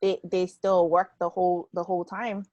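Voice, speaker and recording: A woman's voice: fairly low pitch, flat delivery, moderate pace, darkish tone, no echo, highs cut off. A woman hosting a podcast interview, speaking earnestly and reflectively in a conversational way. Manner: earnest, reflective, with some restarts. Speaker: podcast host.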